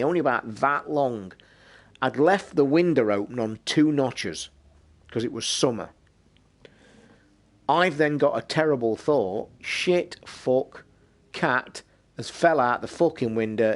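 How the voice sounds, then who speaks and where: A man, telling a long personal anecdote on a podcast in a casual, sweary, animated way. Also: medium pitch. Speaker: podcast host. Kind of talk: casual storytelling.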